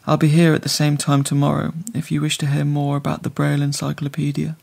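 A man voicing a mysterious stranger with a rich, resonant, classically trained voice who speaks in smooth, insinuating tones. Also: a little high, monotone, quick pace, a little mellow.

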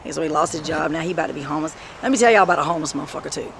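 A woman telling rambling, profane stories in a street interview, breaking into shouts. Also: deep voice, rapid-fire, creaky. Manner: profane, animated storytelling with sudden shouts. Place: outdoors on a city street. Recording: street noise and passing traffic.

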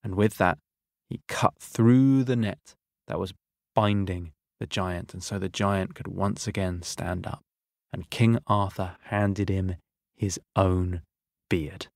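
A man's voice: deep voice, fairly even intonation, slow, gravelly, darkish tone, no echo, clean studio sound. A man telling a story to children, narrating expressively and speaking to his young listeners.

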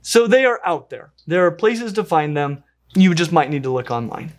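A pet channel host giving an enthusiastic, playful review of a pet invertebrate, with lively swings in pitch and fond talk to the animal. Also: normal speed. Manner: talks fondly to the animal while handling it. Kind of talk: pet care review vlog.

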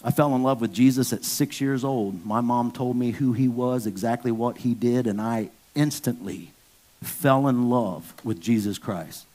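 A man's voice: medium pitch, measured pace. Candid storytelling pastor in his fifties. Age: 50s. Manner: candid, storytelling, bursts into loud excited impressions. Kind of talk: sermon.

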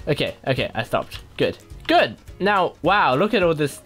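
Excitable giggly woman narrating gameplay. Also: low voice, normal speed, hardly any pauses, soft background music. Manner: excitable, giggly, breaks into sung dance noises. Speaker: gaming video host. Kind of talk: casual gameplay commentary.

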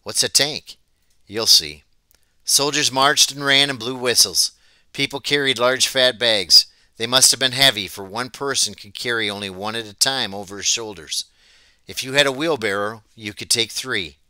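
A man reading a novel aloud as an audiobook, telling it in a plain, steady way. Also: medium pitch, moderate pace, clean tone, no room sound. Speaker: audiobook reader. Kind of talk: storybook read-aloud narration.

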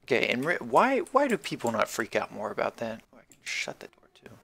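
A man commentating his own gameplay in a loose, rambling way, tossing out jokes and swear words as he goes. His voice sits at an ordinary middle pitch for a man, neither deep nor high. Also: huge pitch swings, fairly quick, vocal fry, bright, forceful tone, breathy edge. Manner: rambling, profane, wisecracking. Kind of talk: casual let's-play commentary.

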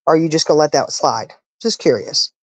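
A woman's voice: deep voice, fairly quick, no echo. A woman hosting a live stream, ranting indignantly with pointed rhetorical questions. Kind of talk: casual live-stream talk.

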